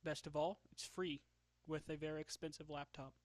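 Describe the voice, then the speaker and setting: A man's voice: on the high side, level tone, normal speed, no room sound. A man chatting casually while drawing, joking about himself and laughing often. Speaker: streamer.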